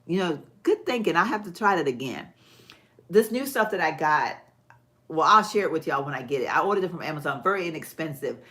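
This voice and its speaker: A woman with a low, warm-toned chats with her live viewers while painting her nails. She talks loosely and folksily, laughs easily, and addresses her audience like close friends. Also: expressive, a little fast. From Texas. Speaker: vlog host. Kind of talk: casual livestream chat.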